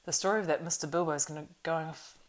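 A woman playing a flustered, loud male innkeeper. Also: low voice, fairly even intonation, fast, natural voice. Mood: fussing. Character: nervous talkative male innkeeper, stout and fussy. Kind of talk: audiobook reading.

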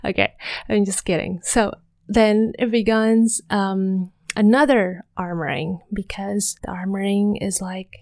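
A woman with a non-native English accent hosting a calm self-help podcast, speaking softly, sometimes dropping to a whisper and laughing lightly. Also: medium pitch, takes it slowly, no room sound, clean studio sound. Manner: soft-spoken, slips into whispers, laughs lightly. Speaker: podcast host.

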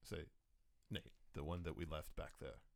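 A man narrating as game master of a tabletop game, loose and halting, full of ums. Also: rumbling low, fairly even intonation, gravelly, a little mellow.

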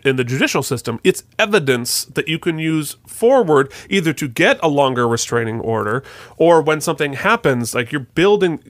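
A man co-hosting a casual podcast, rambling and joking with plenty of fillers. His voice sits a little high and sounds close and dry. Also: fairly bright tone, no room sound. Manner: loose, joking, full of "like" fillers. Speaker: podcast co-host. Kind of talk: casual chat recapping a TV show.

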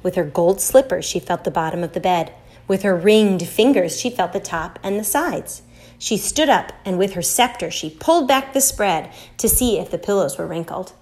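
A woman reading a children's book aloud in a lively, expressive way. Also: mid-range voice, normal speed. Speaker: storyteller.

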